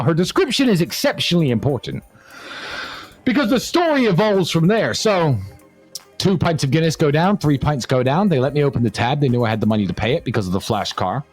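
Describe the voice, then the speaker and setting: A man from England, a podcast host, telling a casual story and acting out the quotes with gusto. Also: a little high. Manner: animated storyteller, acts out quotes.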